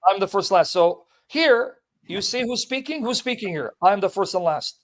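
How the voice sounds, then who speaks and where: A man's voice: high voice, animated, moderate pace. A man debating a Muslim, insistently challenging him and reading scripture verses aloud with emphasis. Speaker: Christian apologist debating a Muslim.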